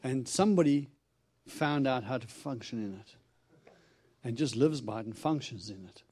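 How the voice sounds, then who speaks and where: A man's voice: mid-range voice, moderate pace, breathy edge. A man preaching to a congregation, telling stories with acted-out quotes and frequent laughter. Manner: animated storyteller, acts out quotes, laughs often. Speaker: itinerant preacher. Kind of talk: storytelling sermon.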